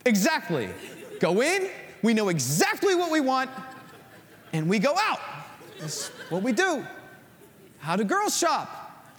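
Male pastor, high and very expressive delivery, sermon in a reverberant church. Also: slow pace, long pauses. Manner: animated preaching, acts out stories.

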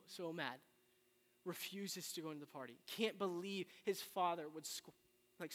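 A man preaching a sermon, retelling the story in a casual, animated way with slang. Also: sits high. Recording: long reverb of a large hall.

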